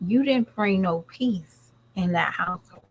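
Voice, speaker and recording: A woman's voice: medium pitch, unhurried, poor audio. A woman vlogger and mother talking straight to her viewers in a blunt, rambling, casual way. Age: adult parent. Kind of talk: casual commentary chat.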